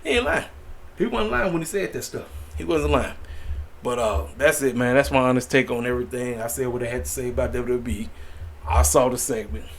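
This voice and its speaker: A man's voice: mid-range voice, a little fast, slight background noise. Exasperated man ranting in casual slang. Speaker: wrestling commentary vlogger. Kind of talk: casual opinion rant.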